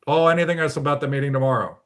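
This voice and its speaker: A man's voice: a little high, very fast, clear, resonant tone. A man hosting an online discussion over a video call, talking bluntly and animatedly with some mild swearing. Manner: blunt, animated, mildly profane. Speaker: host of a local politics livestream.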